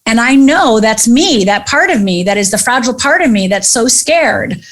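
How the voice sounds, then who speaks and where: A woman's voice: on the high side, normal speed. A woman, a podcast guest, telling her personal story candidly and animatedly, acting out the voices of other people in it. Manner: animated, acts out dialogue in quoted voices.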